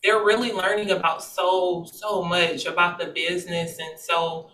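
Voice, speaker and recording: A man's voice: high-pitched, level tone, a little slow, bright, forceful tone. A man hosting an interview, asking questions and offering earnest, encouraging praise. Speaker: podcast host. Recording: roomy echo, far from the mic.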